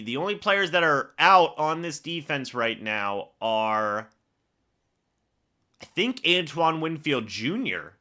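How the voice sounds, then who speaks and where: This medium-pitched male voice sounds pushed and bright. He's running a live stream where fans react to the game, narrating each play broadcaster-style before turning to talk with his viewers between snaps.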